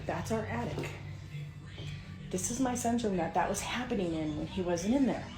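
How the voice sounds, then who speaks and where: Speaking at normal speed in a medium-pitched voice, a middle-aged woman films a handheld phone video inside her house, urgently addressing viewers. She's scared and falls into whispers, while music and other clear background noise can be heard.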